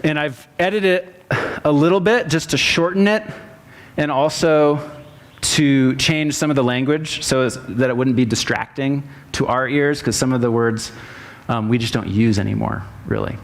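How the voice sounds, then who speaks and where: A man's voice: mid-range voice, normal speed. A man, a pastor, speaking casually to his congregation before reading a sermon aloud with rising emphasis. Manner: conversational, with fillers, then reads a sermon in a rising, emphatic tone. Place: church sanctuary.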